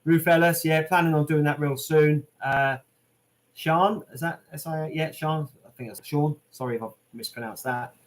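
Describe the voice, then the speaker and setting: On a live Q&A stream, a British channel host reads viewer comments aloud and chats casually. His voice is fairly high, his tone steady, his speed normal. Expect lots of "um" and "mate" as he answers live chat.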